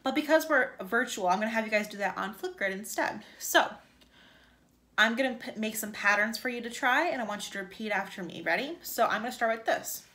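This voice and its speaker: A woman's voice: fairly high pitch, a little fast, sharp tone. A woman music teacher giving an upbeat virtual lesson to young children, chanting rhythms for them to repeat.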